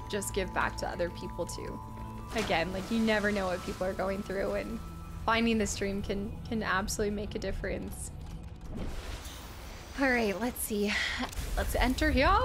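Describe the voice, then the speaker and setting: A woman game streamer chatting casually with her viewers while she plays, laughing often and getting giddy over the game. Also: mid-range voice. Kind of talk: casual live-stream chat while playing.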